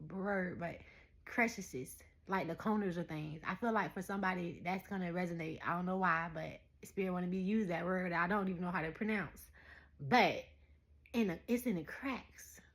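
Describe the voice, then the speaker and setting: A woman in her thirties talking straight to her viewers in a casual spiritual message, animated and preachy, laughing often. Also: on the low side, moderate pace. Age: 30s. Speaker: spiritual vlogger.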